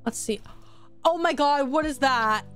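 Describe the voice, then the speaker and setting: Excitable higher-voiced woman streamer. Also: faint music behind. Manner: excitable, swears, quick exclamations. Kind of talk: casual gameplay commentary.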